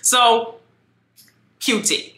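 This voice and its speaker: A woman giving a chatty, animated recap of a reality show, often quoting people in exaggerated voices. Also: extremely slow, reverberant. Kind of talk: casual recap chat.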